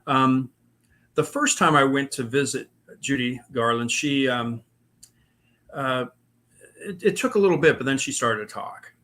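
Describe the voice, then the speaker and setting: A man's voice: mid-range voice, a little slow, long pauses, bright, forceful tone. A man telling his own paranormal stories in a rambling way, with many fillers and restarts. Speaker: paranormal investigator guest. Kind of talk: casual storytelling.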